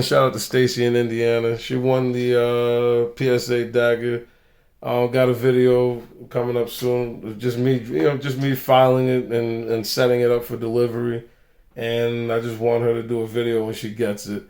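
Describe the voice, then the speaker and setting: Gravelly-voiced man rambling on a vlog. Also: mid-range voice, darkish tone. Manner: loose, rambling, profane storyteller. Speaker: channel host. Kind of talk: casual vlog talk.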